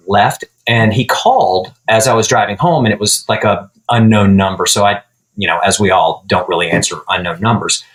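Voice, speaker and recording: Male guest, lower voice, relaxed anecdotal storyteller on a podcast. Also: poor audio. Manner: relaxed storyteller who acts out quoted dialogue. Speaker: guitar builder guest. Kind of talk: casual storytelling interview.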